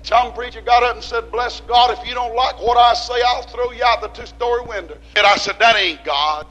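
High, bright-voiced fiery preacher man. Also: fairly even intonation, rough recording. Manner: preaching with rising shouts and slow emphatic repeats. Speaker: pastor. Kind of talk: fiery sermon.

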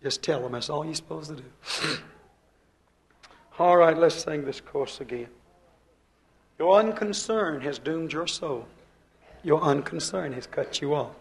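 Male pastor, fervent sermon delivery, slightly high voice, swings from loud urging to hushed pleading. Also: a little slow, vocal fry, pauses often. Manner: acts out quoted speakers in his own voice.

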